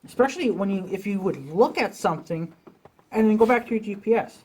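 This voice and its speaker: A man's voice: sits high, expressive, fast, darkish tone, slightly rough. A man venting in a rambling, profane rant as a vlogger, talking casually to his viewers.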